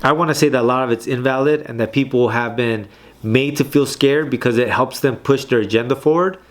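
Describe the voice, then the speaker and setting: A man walks through comic panels in a loose, conversational way. He leans on slang and swearing and keeps tagging his points with a quick "right?". His voice sits at an ordinary middle pitch. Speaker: comic book reading host. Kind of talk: casual commentary on comic panels.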